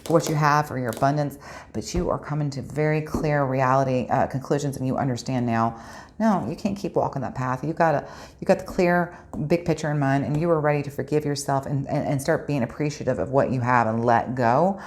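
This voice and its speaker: A woman's voice: very deep voice, fairly quick. A woman giving a spiritual tarot reading, talking earnestly and a bit preachily straight to her viewers. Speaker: tarot reader.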